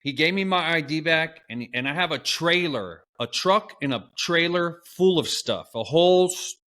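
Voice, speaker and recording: A man, co-hosting a podcast from his apartment and telling stories in an animated, casual way with offhand swearing. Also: fairly high pitch, moderate pace. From Texas. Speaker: podcast co-host. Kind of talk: casual storytelling chat. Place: apartment at home. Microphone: laptop call setup.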